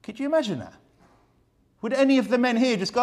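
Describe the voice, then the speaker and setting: Male preacher, high voice, fiery and emphatic in the pulpit. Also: wildly swooping pitch, quick pace. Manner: emphatic, fiery, full of rhetorical questions. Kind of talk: sermon.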